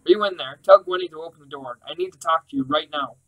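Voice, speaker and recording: A man voicing a big, pushy uncle who loudly demands to be let in. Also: a little high, fast talker, no echo, low-quality recording. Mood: demanding. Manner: loud, demanding shouting through a door.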